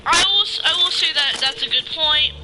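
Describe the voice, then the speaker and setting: High-voiced man rambling over background noise. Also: moderate pace. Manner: rambling with many restarts and filler words; swears casually. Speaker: gaming YouTuber. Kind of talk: casual rant vlog. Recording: noisy background hum.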